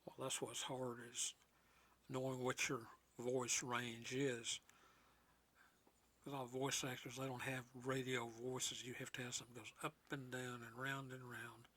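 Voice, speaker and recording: A man's voice: medium pitch, flat delivery, a little slow, sharp tone. A man co-hosting a casual podcast chat, dropping short, dry, wry remarks.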